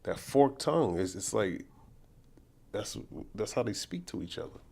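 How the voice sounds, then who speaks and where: A man hosting a livestream who mixes Bible teaching with reactions to news clips. He talks in a preachy way, repeats himself and turns loud and indignant. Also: on the low side, very animated, normal speed, gravelly, slightly rough. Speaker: livestream host.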